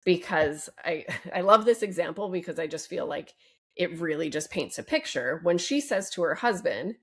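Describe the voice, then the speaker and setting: A woman relationship coach speaking as a guest on a podcast interview, upbeat and expressive. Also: on the low side, moderate pace. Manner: upbeat and expressive, fond of gentle emphasis.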